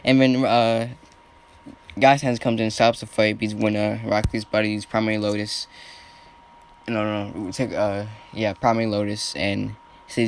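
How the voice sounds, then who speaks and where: A man's voice: on the low side, level tone, normal speed, creaky, a little hiss or hum. A man casually retelling a fan story off the cuff, rambling and often correcting himself as he goes.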